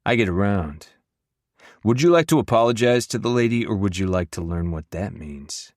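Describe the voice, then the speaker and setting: A man voicing a towering alpha werewolf, easygoing yet assertive and quietly threatening, in an audiobook. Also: lowish voice, expressive, moderate pace, dry recording, clean studio sound. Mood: menacing. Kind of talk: audiobook character voice.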